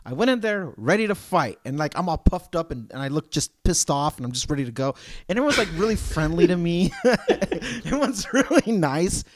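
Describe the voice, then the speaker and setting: In casual podcast chat, a male co-host tells stories with animation, voicing the other characters and acting out what the dealer said. He speaks briskly in a fairly high pitch, and there's no echo.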